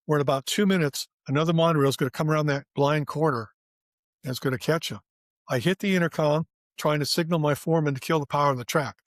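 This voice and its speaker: A man's voice: on the high side, no echo, studio quality. An older man, a former theme park designer, telling his career story in an interview and acting out the dialogue as he goes. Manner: vivid storyteller, acts out quoted dialogue.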